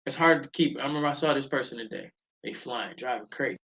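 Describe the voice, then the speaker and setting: A middle-aged man hosts a live show in casual talk. He tells stories in an animated, emphatic way and drifts into preaching. The audio is a little dull and lo-fi. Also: medium pitch, fast talker, gravelly. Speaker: show host.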